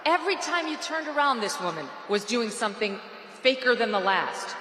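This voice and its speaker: A woman's voice: a little high, lively intonation, moderate pace, fairly bright tone, a little hiss or hum. A woman giving a political rally speech in a large venue, with a mocking, sarcastic and punchy delivery. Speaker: rally speaker. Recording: echoey arena PA reverb.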